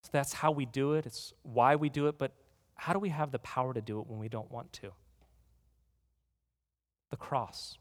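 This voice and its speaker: A man preaching a sermon as pastor, earnest, telling a story and slowing down to stress key words. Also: mid-range voice. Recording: reverberant hall.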